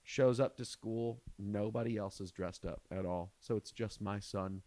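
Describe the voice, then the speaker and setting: A man in his thirties, a comedian hosting a podcast, telling a profane family story in an animated way. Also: on the low side, measured pace, dry recording. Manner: animated, profane, rising to shouts at the punchlines.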